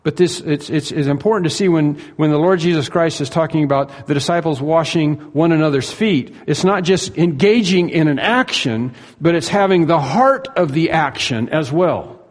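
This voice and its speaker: A man's voice: fairly high pitch, animated, normal speed, hardly any pauses, in a large hall. A male pastor preaching a sermon in an earnest, emphatic way, asking his listeners rhetorical questions.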